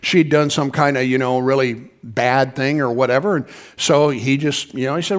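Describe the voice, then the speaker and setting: A man's voice: medium pitch, fairly even intonation, moderate pace. A male pastor delivering a sermon as a conversational story, often calling on the congregation to respond.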